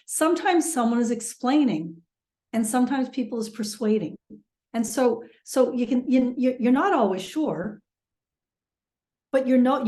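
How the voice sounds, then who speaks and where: Woman mediation trainer, lively and example-driven, slightly high voice, roomy sound. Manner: lively, illustrates with everyday examples. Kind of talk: webinar teaching talk.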